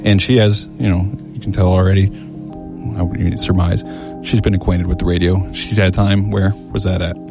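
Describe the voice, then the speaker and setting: A man hosting a casual radio show in a studio, talking in a self-described monotone way. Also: deep voice, normal speed, gravelly, over music. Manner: calls himself monotone, laid-back delivery. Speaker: radio host. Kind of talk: casual on-air radio chat. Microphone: studio microphone.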